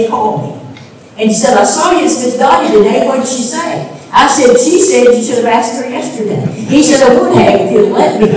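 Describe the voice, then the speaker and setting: A woman's voice: sits high, heavy background noise. Woman preaching in an echoey church. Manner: storytelling preacher, rising to sung emphasis. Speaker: pastor's wife preaching. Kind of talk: sermon. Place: church sanctuary. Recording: echoey room from a distance.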